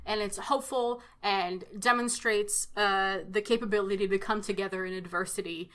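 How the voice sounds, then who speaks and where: A woman's voice: mid-range voice, fairly even intonation, moderate pace, fairly bright tone. A woman co-hosting a casual podcast, gushing and swearing casually. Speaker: podcast co-host. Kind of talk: casual chat.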